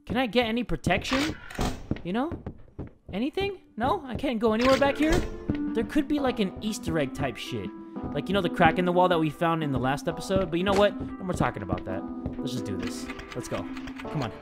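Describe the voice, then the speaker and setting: A man commentating a video game he is playing, excitable, swearing often and breaking into shouts. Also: sits high, a little fast. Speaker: gaming YouTuber. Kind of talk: let's-play commentary. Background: game music.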